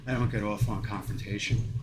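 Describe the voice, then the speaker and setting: A man's voice: on the low side, fairly even intonation, a little fast, heavy background noise. An American man talking casually while walking on a treadmill, rambling and profane, with lots of fillers and short laughs. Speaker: vlogger. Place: home treadmill.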